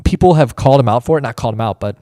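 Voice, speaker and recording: Young male co-host, easygoing rambling chat, mid-pitched and dry. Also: expressive, racing, mellow, no echo. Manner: laid-back, lots of fillers and laughs. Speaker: podcast co-host. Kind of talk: casual chat.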